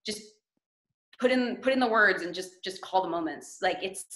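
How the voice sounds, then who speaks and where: A woman's voice: mid-range voice, moderate pace, echoey room, a crowd in the background, rough recording. A woman wrestling commentator talking casually on a video call, rambling with restarts.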